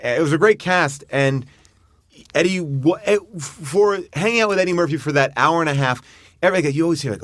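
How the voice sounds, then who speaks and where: A man's voice: fairly high pitch, quick pace, no room sound. A man on a podcast who tells an anecdote in casual chat and acts out the voices of the people in it. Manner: animated anecdote, acting out other people's voices. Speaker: podcast guest. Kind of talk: casual storytelling.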